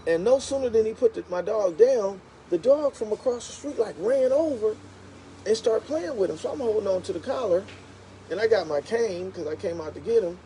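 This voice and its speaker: An animated storyteller, this man chats to viewers of his livestream in a warm, mellow voice that sits a little high. Faint traffic noise hums behind him. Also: moderate pace, low-quality recording. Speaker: live streamer.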